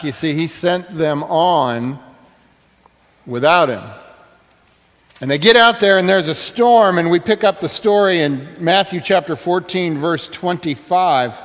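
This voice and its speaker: High-voiced male pastor preaching in a hall. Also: a bit bright. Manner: storytelling, leads the congregation in call-and-response. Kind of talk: sermon.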